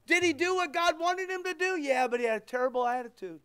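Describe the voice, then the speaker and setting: A man's voice: very high voice, fast, fairly bright tone, dry recording, clean studio sound. A male pastor preaching a sermon and leading a closing prayer, impassioned and emphatic, repeating phrases for weight and quoting scripture.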